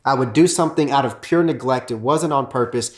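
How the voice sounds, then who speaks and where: A middle-aged man teaching on marriage, earnest and plainspoken. His voice sits at an ordinary mid pitch. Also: fairly quick. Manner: earnest, acts out quoted arguments with rising pitch.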